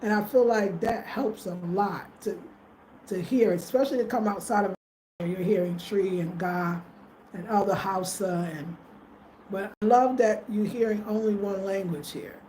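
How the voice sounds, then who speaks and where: A woman's voice: mid-range voice, moderate pace, dark tone. A middle-aged woman from the United States chatting casually with her livestream viewers, thanking them by name as she talks. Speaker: vlogger answering live chat. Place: rural home in Ghana. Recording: echoey room, faint ambient noise.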